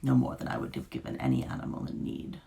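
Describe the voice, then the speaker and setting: A woman voicing a stern, cold forest witch who speaks in a rasping, toneless, quiet voice. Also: fast, natural voice. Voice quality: rasping, gravelly.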